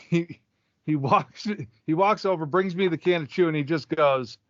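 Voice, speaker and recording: Young male co-host, high voice, rambling profane storyteller, dry dull recording. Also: unhurried, dry recording. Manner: rambling, profane, acts out quotes. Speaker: podcast co-host. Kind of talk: comedic storytelling.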